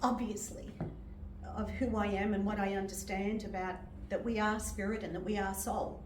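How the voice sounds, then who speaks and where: An older woman, a medium and reverend, gives a sermon with personal testimony in a gentle, emotional way and laughs often. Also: medium pitch, fairly even intonation, moderate pace, slight background noise. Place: church hall. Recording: echoey hall from far off.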